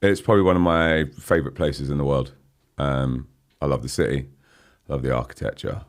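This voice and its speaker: A man's voice: very deep voice, steady tone, brisk. A man in his forties, a guest musician chatting casually in a podcast interview, laughing often and saying "you know what I mean" a lot. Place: podcast studio.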